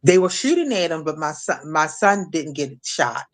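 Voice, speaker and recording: A woman's voice: low-pitched, sing-song. A middle-aged woman from Maryland speaking as an interview guest, telling a painful personal story with frequent restarts and fillers. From Maryland, USA. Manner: halting, many restarts and fillers. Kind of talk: emotional personal testimony.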